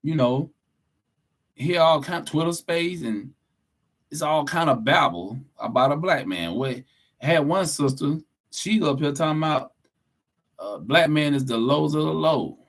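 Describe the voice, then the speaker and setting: A man's voice: a little high, expressive, unhurried. Blunt, preachy podcast co-host man. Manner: blunt, preachy, profane, emphatic. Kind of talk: casual opinionated podcast talk.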